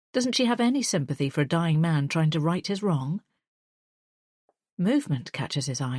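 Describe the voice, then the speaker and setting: A woman narrates a suspense audiobook in a tense, measured way. Her voice is low and sits right on a close mic. The recording is dry, with no room sound. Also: a little mellow, no echo. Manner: tense, measured first-person storytelling.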